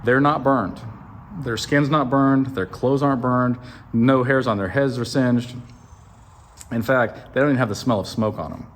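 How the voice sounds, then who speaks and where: A man's voice: mid-range voice, normal speed. Joking man retelling an old story. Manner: jokey, animated, asides to the listener. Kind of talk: comic retelling of a Bible story.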